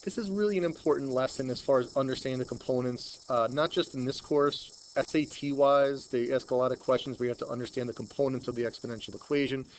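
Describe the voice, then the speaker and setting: A man with a Long Island accent teaching a math lesson, chatting and thinking out loud as he works through problems. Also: medium pitch, quick pace, few pauses, a little hiss or hum, poor audio. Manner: chatty, thinks aloud while working problems. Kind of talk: screen-recorded math lesson.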